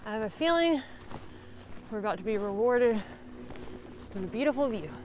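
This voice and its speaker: A woman's voice: a little high, lively intonation, moderate pace, background noise. A woman from Alabama with a Southern accent, chatting in a casual vlog while hiking a rural trail. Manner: chatty, upbeat. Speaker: vlogger.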